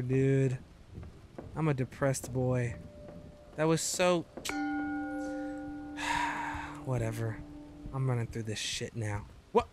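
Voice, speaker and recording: A man's voice: mid-range voice, a little hiss or hum. A man streaming a game live, chatting to viewers, swearing freely and yelping when startled. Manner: excitable, swears a lot, yelps when startled. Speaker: gaming streamer. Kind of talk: live gameplay commentary.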